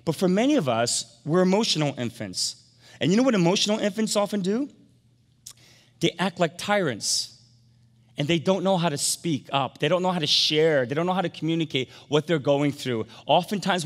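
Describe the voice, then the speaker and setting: A middle-aged man preaching a sermon as pastor, animated, swinging from emphatic peaks down to soft, quiet storytelling. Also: on the high side. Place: large church sanctuary. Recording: long hall reverb from a church sanctuary.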